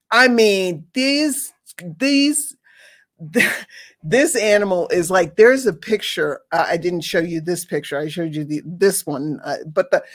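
A woman reviewing pet toys in a casual chat, rambling and enthusiastic with many restarts. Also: on the low side.

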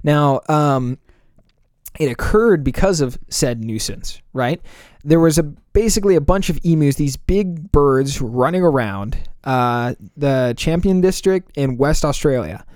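A man's voice: fairly high pitch, lively intonation, unhurried, a little mellow, no room sound, clean studio sound. A man co-hosting a casual podcast, telling a history story with jokes and frequent laughs. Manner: laughs often, jokey storytelling. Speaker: podcast co-host. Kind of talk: casual chat.

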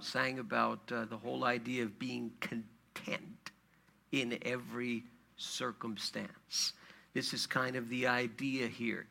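A man's voice: medium pitch, gravelly, sharp tone. A man preaching a sermon in a conversational way, with fillers and rhetorical questions. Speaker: pastor.

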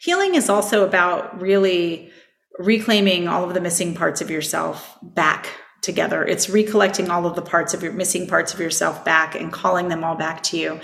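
A woman hosting a self-help podcast, speaking in a gentle, reflective and soothing way. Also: fairly low pitch, normal speed, vocal fry, reverberant. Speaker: podcast host and coach. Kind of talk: personal self-help talk.

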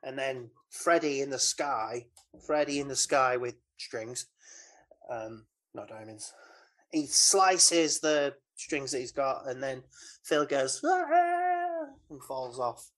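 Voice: medium pitch, takes it slowly, fairly bright tone. A podcast co-host casually recapping a horror film, rambling with asides and mimicked lines.

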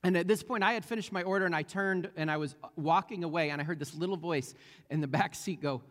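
Man, pastor, sermon, slightly high voice, halting with fillers, long church reverb. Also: fairly bright tone. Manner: storytelling with many fillers and restarts.

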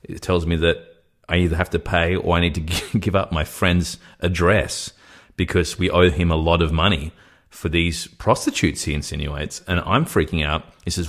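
Deep-voiced man telling a long story. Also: steady tone, moderate pace, few pauses, fairly bright tone. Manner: rambling anecdote with put-on accents for quoted people. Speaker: podcast co-host. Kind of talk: casual storytelling chat.

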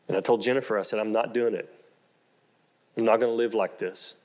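A middle-aged male pastor delivers a sermon, shifting from slow, low-voiced storytelling into loud, excited exclamations. He repeats phrases to drive his points home.

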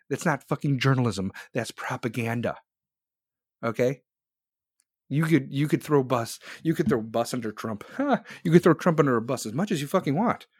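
A man's voice: on the high side, no echo, clean studio sound. A man in his forties hosting a live podcast, ranting angrily and bluntly with heavy swearing while reading chat. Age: 40s. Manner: angry, profane, blunt. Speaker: podcast host.

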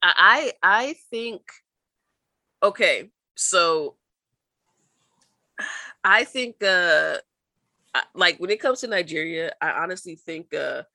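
A woman's voice: lowish voice, animated, slow, pauses often, bright, forceful tone, dry recording. A young woman co-hosting a sports podcast, chatting casually and rambling with playful laughs. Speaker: podcast co-host.

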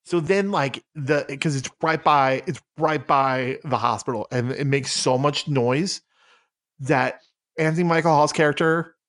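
A man co-hosting a comedy podcast, rambling through made-up facts in deadpan improvised banter. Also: fairly high pitch, measured pace. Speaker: podcast co-host.

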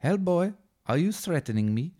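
A man's voice: fairly high pitch, very animated, normal speed, warm tone, slightly rough, pitched above the performer's own voice. A man doing an impression of a stern, rule-bound male agent with a heavy foreign accent, speaking in a clipped, commanding way. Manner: clipped, commanding, fussy over his name.

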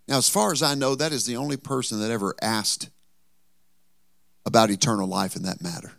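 Gravelly-voiced male pastor preaching. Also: mid-range voice, fairly quick, no echo, studio quality. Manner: preaching with lively acted-out quotes and humor. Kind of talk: sermon.

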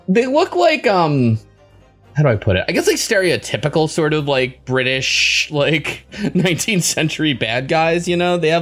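A podcast co-host with a slightly bright voice on the high side chats casually. He rambles, using lots of fillers and restarting his sentences.

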